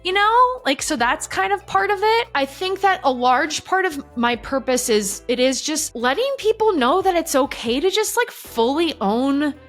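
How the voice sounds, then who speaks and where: A woman with a fairly high voice talks openly in a casual podcast chat. She swears without hesitation and peppers her sentences with "like". Faint music runs underneath. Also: fairly bright tone. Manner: candid, swears freely, many filler "like"s. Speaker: podcast guest. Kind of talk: casual conversation.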